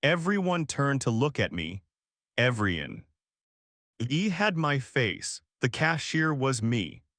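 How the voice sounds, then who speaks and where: A male narrator reads a first-person horror tale in an unhurried, deliberate voice of middling pitch. The recording is dry and close, with no room sound around him. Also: very animated, a bit bright, no room sound. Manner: slow, measured storytelling delivery. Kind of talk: scripted horror story narration.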